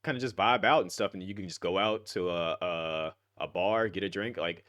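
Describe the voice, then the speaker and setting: Lower-voiced man telling rambling stories. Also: moderate pace. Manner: rambling, animated storytelling full of fillers. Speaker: host. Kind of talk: casual roundtable chat.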